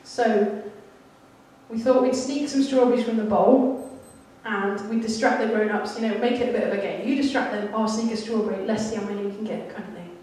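A woman's voice: mid-range voice, a little fast, dark tone, a little hiss or hum. Woman preaching in an echoey hall. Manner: candid, self-deprecating storytelling. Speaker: church speaker. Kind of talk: sermon with personal story. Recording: echoey hall, mic at a distance.

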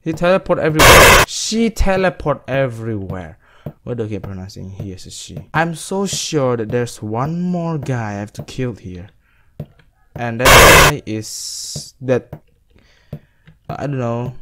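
A man's voice: mid-range voice, background noise. Jumpy young man narrating a game. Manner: jumpy, rambling, yelling at game characters. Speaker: gaming commentator. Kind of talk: let's play commentary.

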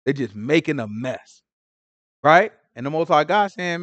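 Brief: male Bible teacher, fairly high voice, dry close sound, loose conversational delivery, keeps checking in with listeners. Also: big pitch swings, unhurried, a bit bright, dry recording. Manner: conversational, repeats "right?", acts out Pharisees in slang. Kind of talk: informal Bible study teaching.

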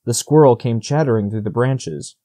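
A man narrating a storybook audiobook in a steady, measured reading. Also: mid-range voice.

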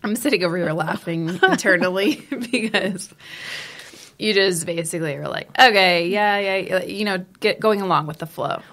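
Woman co-host asking calm follow-ups. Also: lowish voice, moderate pace. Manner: reflective, sums up and asks follow-ups. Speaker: podcast co-host. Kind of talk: casual conversation.

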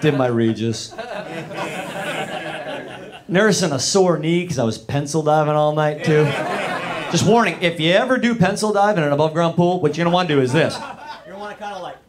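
A man's voice: on the high side, moderate pace, pauses often. A man doing stand-up comedy in the back room of a bar, rambling about his small-town life and talking straight to the audience. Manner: rambling small-town persona, talks to the crowd. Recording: live crowd in a bar. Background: audience laughing.

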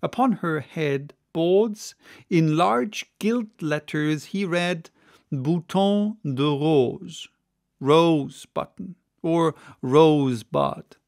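A man narrating an unabridged classic novel as an audiobook, reading in a measured, expressive way. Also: a little high, gravelly.

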